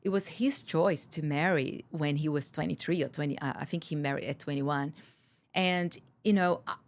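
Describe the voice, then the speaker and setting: Low-voiced woman telling her story. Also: a little fast. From Brazil. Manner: earnest, candid, tumbling rush of words with many restarts. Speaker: guest. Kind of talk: personal storytelling in a podcast interview.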